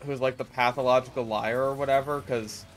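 A man's voice: mid-range voice, fairly even intonation, brisk, faint music behind. A man giving profane, rambling commentary over his own gameplay as host of a gaming channel. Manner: rambling, crude, irreverent.

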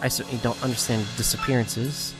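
Man playing a stiff, guarded woman manager, low and clipped, over game music. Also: quick pace, close to an everyday voice. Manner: flat, formal, clipped.

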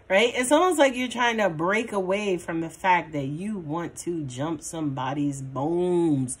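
Blunt, chatty woman tarot reader on the lower side of pitch; loose, casual delivery with profanity. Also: a little slow, hardly any pauses, slightly rough. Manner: chatty and blunt, swears casually, many fillers. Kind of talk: casual tarot reading monologue.

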